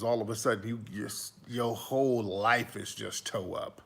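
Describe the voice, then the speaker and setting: A man hosting a casual commentary monologue, talking animated and preachy into a phone held close to his face. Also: lowish voice, normal speed, gravelly, hardly any pauses. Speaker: host.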